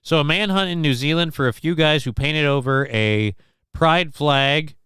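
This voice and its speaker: Hosting a casual live stream, a man with a fairly high, fairly bright and smooth voice reacts to news clips at a moderate pace. His rambling, sarcastic commentary includes mock voices of the people shown, in a dry, studio-quality recording.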